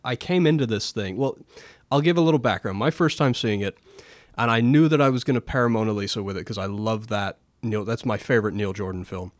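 A man co-hosting a casual film discussion, blunt and animated, swearing often. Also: fairly low pitch, brisk, no room sound, studio quality. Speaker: podcast co-host.

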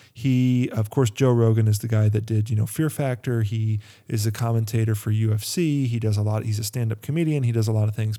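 A man speaks in a relaxed, rambling monologue, stopping often for fillers and self-corrections. His voice is mellow and warm at a middle pitch. He talks like a Christian podcaster chatting to his listeners. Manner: rambling, many fillers and restarts. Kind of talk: casual monologue.

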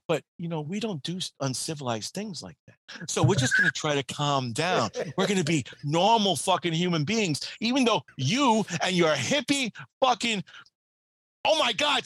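A man tears into a profane comedic rant in a high-pitched voice. He curses freely and breaks into laughter between lines. The sound is close and dry, with no room around it. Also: animated, moderate pace, a bit bright, no echo. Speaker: guest podcaster.

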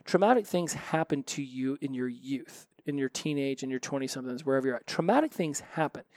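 A man's voice: fairly high pitch, a little mellow, no room sound, studio quality. A man hosting a solo recovery podcast, talking earnestly and animatedly, often repeating phrases for emphasis.

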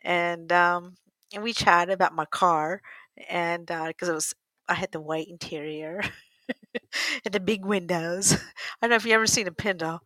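A woman's voice: on the low side, steady tone, measured pace, bright, forceful tone, dry recording, low-quality recording. An older woman from the United States telling a personal story in a casual, rambling way, correcting herself and laughing often. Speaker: interviewee.

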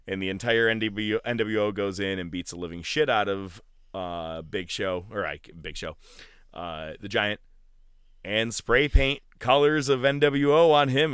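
A man co-hosting a podcast, telling wrestling stories in casual chat and loudly mimicking the wrestlers he describes. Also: lowish voice, clean tone, dry recording, clean studio sound. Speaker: podcast co-host.

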